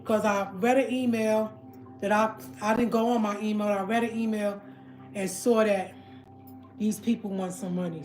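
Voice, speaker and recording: A woman's voice: medium pitch, fairly even intonation, moderate pace, darkish tone, echoey room, soft background music. A woman hosting a livestream, ranting heatedly and repeating herself as she calls her viewers family. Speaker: livestream host. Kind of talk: emotional livestream rant.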